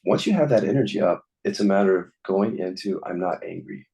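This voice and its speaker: A man's voice: low voice, animated, fairly quick, gravelly, dark tone, husky, low-quality recording. A man teaching on a podcast in an earnest, encouraging, plain-spoken way. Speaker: somatic inquiry teacher.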